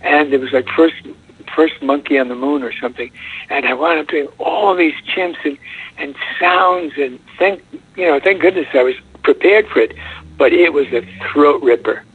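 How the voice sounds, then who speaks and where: Older male guest on a phone call, husky and soft, chatty storyteller, muffled line. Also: fairly high pitch, normal speed, no echo. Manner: chatty, rambling anecdotes with restarts. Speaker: voice actor guest. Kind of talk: casual interview storytelling. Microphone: telephone.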